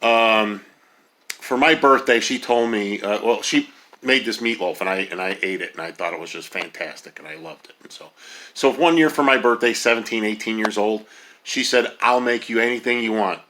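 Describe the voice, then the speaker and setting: A man's voice: lowish voice, moderate pace, sharp tone, a little hiss or hum. A man in his fifties hosting a casual cooking video, talking in a rambling way with lots of ums and uhs. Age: 50s. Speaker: home cook host.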